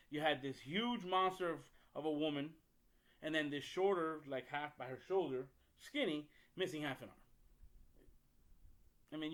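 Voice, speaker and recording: A man hosting a podcast rambles through a story in a casual monologue, blunt and profane, restarting often. His voice is on the high side and a bit bright.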